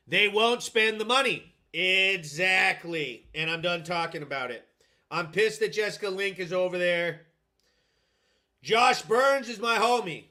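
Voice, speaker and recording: High-pitched dude cussing up a storm on his livestream, bright edgy voice, fired up. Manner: profane, heated ranting. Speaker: host. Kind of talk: livestream rant reacting to chat.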